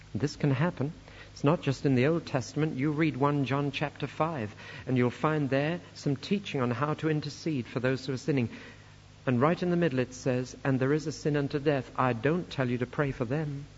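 A man's voice: mid-range voice, slight background noise. Man preaching in an echoey hall. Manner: quotes scripture with rising force. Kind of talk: sermon. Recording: echoey hall, dull lo-fi sound.

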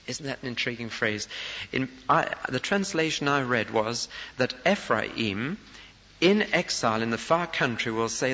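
Male preacher, bright forceful voice, dramatic storytelling sermon, dull hissy hall recording. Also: medium pitch, lively intonation, moderate pace. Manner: dramatic storytelling, rising to loud emphatic peaks.

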